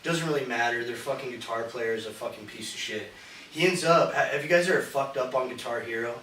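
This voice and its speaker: A man's voice: medium pitch, a little fast, fairly bright tone. A man on a podcast telling a rambling story, swearing freely and saying "dude" all the time. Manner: rambling, profane, says "dude" constantly. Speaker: podcast co-host. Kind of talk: casual storytelling chat. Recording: roomy, distant mic with hiss.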